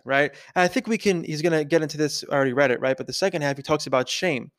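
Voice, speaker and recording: A man hosting a podcast, thinking aloud in a casual, conversational way and often checking in with a quick "right?". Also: a little high, fairly even intonation, smooth. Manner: conversational, keeps asking "right?". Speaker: podcast host. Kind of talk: casual reflective podcast talk.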